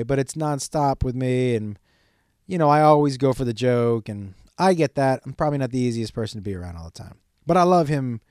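A man's voice: medium pitch, a little mellow, clear, resonant tone, dry recording. Candid swearing man, dry close sound. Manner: candid, rambling, swears often. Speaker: podcast host. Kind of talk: solo podcast monologue.

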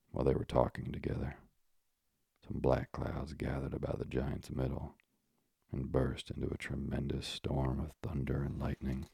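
Very deep, gravelly sleep-story narrator, a man. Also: no room sound. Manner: calm, measured, hushed reading. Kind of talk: slow, soothing sleep-story reading.

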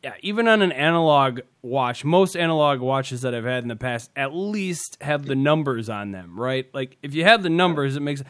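A man's voice: mid-range voice, lively intonation, moderate pace, few pauses, a bit bright. A man hosting a casual podcast, rambling and self-deprecating, laughing often as he talks. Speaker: podcast host. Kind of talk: casual tech podcast chat.

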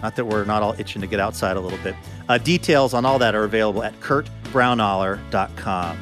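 A man hosting a radio show, wrapping up with smooth, upbeat announcements. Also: lowish voice, fast talker, a bit bright, faint music behind.

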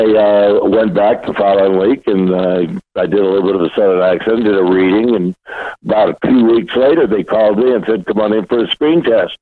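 Older man telling stories over a phone line. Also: on the low side. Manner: rambling anecdotes with restarts and chuckles. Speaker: guest actor. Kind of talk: casual interview storytelling. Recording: dry thin phone-like line.

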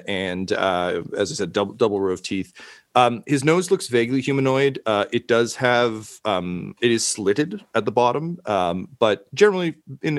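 A man's voice: fairly low pitch, dry recording, studio quality. A man running a tabletop game as game master, narrating hesitantly with many fillers.

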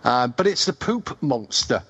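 A husky-voiced man co-hosting a radio talk show, pausing often with fillers and restarting his sentences. The sound is dull and lo-fi, as if taken from a radio broadcast. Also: mid-range voice, sing-song, a bit bright. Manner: hesitant, many fillers and restarts. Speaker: co-host. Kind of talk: casual radio chat.

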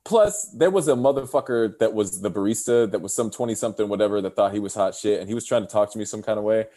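A podcast guest in his thirties speaks quickly in a fairly low voice on a video call. Chatting casually, he tells animated stories and acts out quotes in other people's voices.

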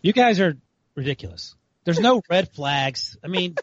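A man's voice: high voice, animated, normal speed, dry recording, dull audio. A man co-hosting a sports podcast who teases the others and sounds exasperated. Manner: teasing, exasperated. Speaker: podcast co-host. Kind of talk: casual sports podcast chat.

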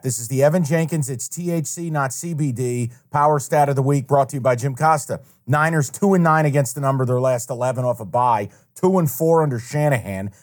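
A man co-hosting a sports betting podcast, talking casually and profanely, often acting out other people's lines with animation. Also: mid-range voice.

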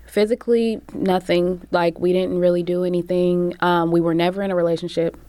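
A woman's voice: lowish voice, a little fast, clear, resonant tone, no room sound. A young woman, a recording artist, telling a story casually with slang and acted-out quotes. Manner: animated, slangy, acts out quotes.

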